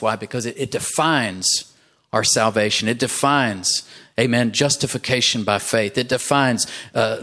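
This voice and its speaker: A man's voice: mid-range voice, a bit bright. A man pastor preaching a sermon in a church, emphatic, punctuating his points with "amen" and rising for emphasis.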